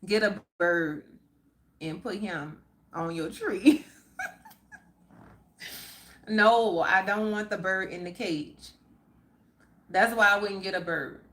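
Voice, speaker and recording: A woman's voice: mid-range voice, fairly bright tone. A middle-aged woman hosting a live stream, chatting casually and reading viewer comments aloud, laughing often. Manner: chatty, laughs often, drawn-out unhurried delivery. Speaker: livestream host.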